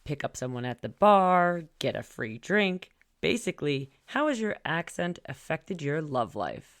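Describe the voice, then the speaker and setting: A woman's voice: low voice, sing-song, unhurried, no room sound, studio quality. A woman hosting a podcast, chatting playfully and teasing her guest in a casual interview. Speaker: podcast host.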